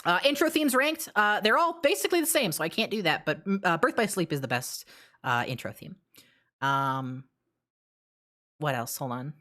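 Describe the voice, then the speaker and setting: A woman streamer chats casually at a desk mic, answering her live chat. Her voice sits low yet swoops widely, and she rambles bluntly through fillers and restarts. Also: sing-song, normal speed, bright, forceful tone.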